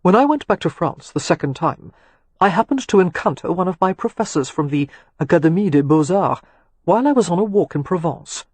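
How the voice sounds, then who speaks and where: A woman narrator voicing a confident, wry young gentleman architect who teases and reflects. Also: high-pitched, expressive, fairly quick, husky, dry recording.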